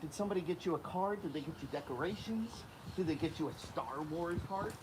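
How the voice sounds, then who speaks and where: A little high and a little fast, this voice belongs to an alligator keeper who runs a channel. Outdoors in the wind, he talks casually while feeding the gators, animatedly coaxing them with calls, captured in a noisy recording.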